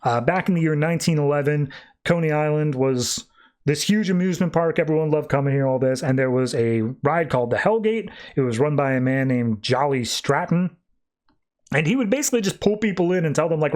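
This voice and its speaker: A man's voice: a little high, moderate pace, darkish tone. A man hosting a podcast, casually recapping a comic book in a loose, rambling way. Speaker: podcast host.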